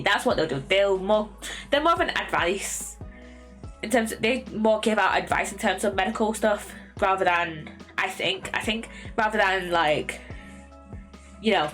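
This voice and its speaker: A woman's voice: medium pitch, lively intonation, moderate pace, fairly bright tone, faint music behind. Rambling young Englishwoman chatting. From England. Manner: rambling, many ums and restarts. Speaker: streamer. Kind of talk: casual chat.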